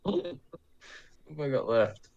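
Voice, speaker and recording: A man's voice: mid-range voice, big pitch swings, slow, a little mellow, highs cut off. A man co-hosting a casual podcast, easygoing and rambling, often correcting himself. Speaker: podcast co-host giving predictions.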